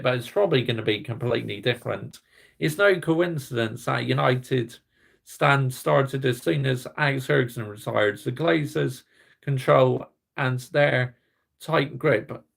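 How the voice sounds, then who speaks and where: A man's voice: mid-range voice, vocal fry. A man ranting bluntly to viewers on a casual livestream, swearing as he talks football. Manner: heated and blunt, swearing, talking to chat viewers. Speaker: football fan streamer.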